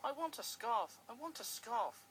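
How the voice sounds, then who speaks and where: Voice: medium pitch, expressive, takes it slowly, fairly bright tone, slight background noise, voice pushed up. A storybook narrator voicing a small cheeky tank engine who chants whiny refrains. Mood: cheeky whining.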